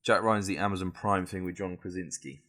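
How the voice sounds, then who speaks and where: A man's voice: low-pitched, a little fast, sharp tone. A British man co-hosting a casual chat, talking easily, laughing often and swearing playfully. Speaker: podcast co-host.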